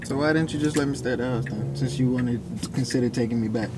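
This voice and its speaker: Young man, defensive, curt replies, quick, heavy car noise. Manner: low-key, curt, defensive. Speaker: vlogger in a prank video. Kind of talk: heated couple argument. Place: inside a parked car. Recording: loud road noise in a car.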